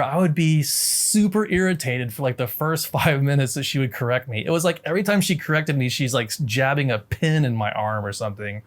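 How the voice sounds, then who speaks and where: Reflective American man, slightly high voice. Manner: reflective, with frequent restarts and fillers. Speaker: language teacher. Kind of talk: casual storytelling lesson.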